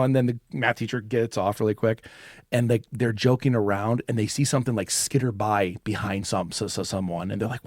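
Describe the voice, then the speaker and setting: A man's voice: mid-range voice, a little fast, a little mellow, no echo, studio quality. A man co-hosting a podcast, rambling and swearing in casual chat, says like a lot. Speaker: podcast co-host.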